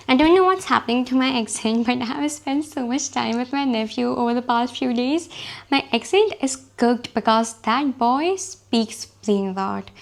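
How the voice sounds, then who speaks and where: Woman book vlogger, slightly high voice, hoarse from a cold, chatty and self-mocking. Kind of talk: casual chat about books.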